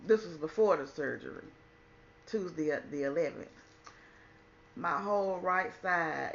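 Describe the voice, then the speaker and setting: A woman telling a personal story in a casual storytime chat, chatty and animated, calling the listener "honey" and acting out what people said. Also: deep voice, vocal fry, highs cut off, slight background noise. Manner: chatty, says "honey" a lot, acts out quotes. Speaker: vlogger.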